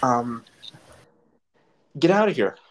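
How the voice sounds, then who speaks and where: A man's voice: mid-range voice, sing-song, slow pace, very noisy. A man chairing an online meeting, talking informally and rambling a little, heard over a video call.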